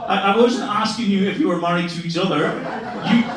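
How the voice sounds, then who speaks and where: A man's voice: high-pitched, fairly quick. An Irish man in his forties doing stand-up comedy, swearing freely and laughing as he teases the crowd. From Ireland. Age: 40s. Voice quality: profane, laughing banter. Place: comedy club, live audience. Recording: echoey club from a distance, crowd. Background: audience laughter.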